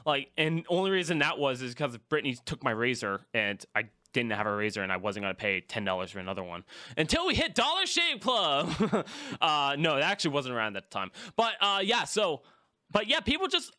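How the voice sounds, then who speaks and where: Lively, bright-voiced male podcast host. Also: fairly high pitch, a little fast, no echo, clean studio sound. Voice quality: blurs some consonants, mixes P and B sounds. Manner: animated, laughs often, swears casually. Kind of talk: casual podcast chat.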